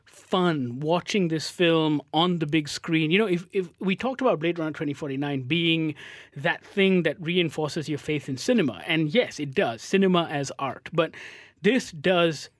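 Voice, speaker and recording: Articulate man with a higher voice. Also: normal speed, no echo, studio quality. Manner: articulate, emphatic opinions. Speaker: film podcast co-host. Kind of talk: casual film discussion.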